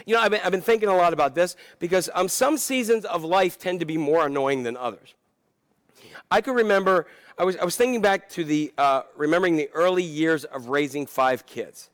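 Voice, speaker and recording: Middle aged guy preaching, high-ish voice, chatty and reflective, restarts a lot. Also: expressive, a little fast. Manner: conversational, self-reflective, with restarts and asides. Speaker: pastor. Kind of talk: sermon.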